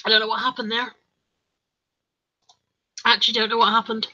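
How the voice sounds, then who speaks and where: A woman's voice: on the high side, flat delivery, fairly quick, long pauses, pushed and bright, dull audio. A woman chatting casually on a livestream, reading out viewers' comments and joking around. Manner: chatty, jokey, laughs often. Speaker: livestream host.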